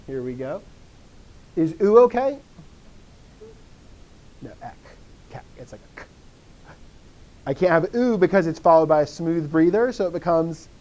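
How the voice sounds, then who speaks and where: A man's voice: fairly high pitch, a little mellow. Man teaching an encouraging grammar lesson. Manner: explains step by step, asks students questions; quizzing, encouraging. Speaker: Greek teacher. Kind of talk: live online lesson.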